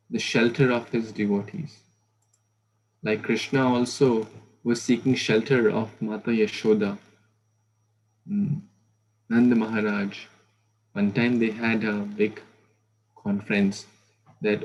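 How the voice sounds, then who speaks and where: A man's voice: on the low side, steady tone, slow pace, pauses often, a little mellow, a little hiss or hum, rough recording. A man giving a conversational scripture class, asking listeners rhetorical questions and murmuring "hmm".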